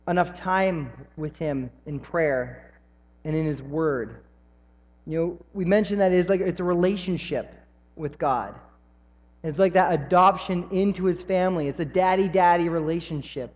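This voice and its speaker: A man's voice: high voice, darkish tone. A young man from the American South giving a folksy, storytelling sermon with frequent ums. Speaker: preacher. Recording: dull sound in a reverberant hall.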